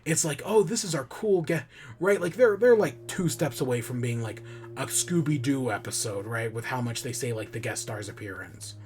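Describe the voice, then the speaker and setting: A man's voice: medium pitch, lively intonation, moderate pace, darkish tone, a little hiss or hum. A man hosting a podcast in casual chat, rambling with restarts and casual swearing. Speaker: podcast host.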